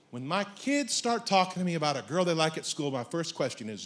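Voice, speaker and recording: Male pastor, bright high voice, swinging wide, shouts for emphasis with comic asides. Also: very animated, a little fast, few pauses. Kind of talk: sermon.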